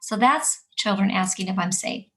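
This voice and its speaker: A woman teaching adults about guiding upset children, explaining calmly and repeating her key points. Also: mid-range voice, moderate pace. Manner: calm, repetitive, explanatory. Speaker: early childhood trainer. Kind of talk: instructional talk.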